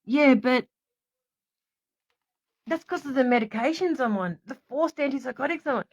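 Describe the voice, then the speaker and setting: A woman's voice: high-pitched, moderate pace, husky, dry recording. A woman talks in an emotional, rambling monologue to camera and keeps breaking off to apologize. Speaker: vlogger. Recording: dull lo-fi recording.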